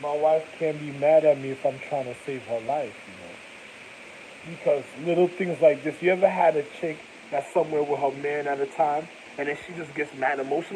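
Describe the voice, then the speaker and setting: Rambling, profane man, slightly high voice. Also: fairly even intonation, brisk, dark tone, a little hiss or hum, low-quality recording. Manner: profane, slangy, jumps between thoughts. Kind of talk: rambling casual monologue.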